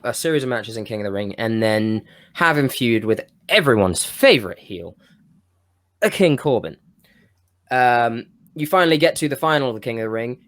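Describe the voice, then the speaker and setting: A man co-hosting a podcast, pitching a wrestling storyline in casual chat, rambling and losing his thread now and then. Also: fairly bright tone. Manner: rambling, self-interrupting, with bursts of enthusiasm. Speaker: podcast co-host.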